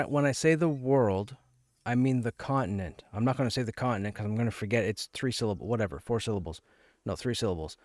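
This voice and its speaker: A man's voice: medium pitch, dry recording. A man streaming an online game, talking casually with his chat and sharing strong opinions while often restarting his sentences.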